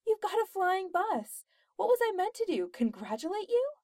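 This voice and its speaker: Brash sarcastic young woman, read by a woman, lively pitch, dry sound. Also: a little slow, no echo, heavily acted. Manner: loud, sarcastic, exclaiming. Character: brash excitable young woman, loud and blunt.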